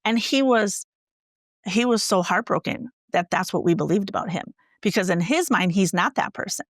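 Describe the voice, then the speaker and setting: A woman teacher, a guest in an interview, telling classroom stories in an animated, conversational way. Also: medium pitch, moderate pace, no echo, clean studio sound. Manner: animated, acts out quoted dialogue. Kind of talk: conversational storytelling.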